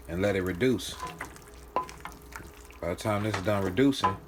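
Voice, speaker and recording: Low-voiced man joking through a cooking lesson. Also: background noise. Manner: playful, joking, with drawn-out sounds and soft asides. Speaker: home cook teaching his nephew. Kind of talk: casual cooking vlog commentary. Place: home kitchen.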